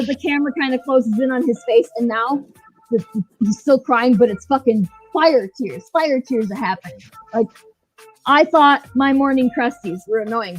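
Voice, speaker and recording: A woman's voice: a little high, poor audio. A woman co-hosting a podcast, recapping a show in casual, blunt, profane, joking chat. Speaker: podcast co-host.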